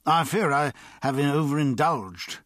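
A man voicing an anxious, embarrassed Victorian gentleman in an audiobook, with a halting, pleading manner. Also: lively intonation, breathy edge, no echo, clean studio sound, full character voice. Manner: halting, pleading, raised pitch.

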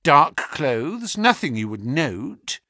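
A man's voice: fairly high pitch, very animated, slow pace, sharp tone, no room sound, studio quality, pitched above the performer's own voice, full character voice. A man voicing a respectful, worried middle-aged landlady who answers in a deferential, plain-spoken way, in an audiobook reading.

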